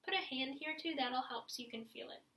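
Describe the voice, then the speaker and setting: A young woman teaching saxophone students to stretch and breathe, guiding them step by step and showing sighs and deep breaths herself. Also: fairly quick, pushed and bright, roomy sound. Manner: encouraging, demonstrates breaths and sighs. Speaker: music teacher. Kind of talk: instructional video for young students.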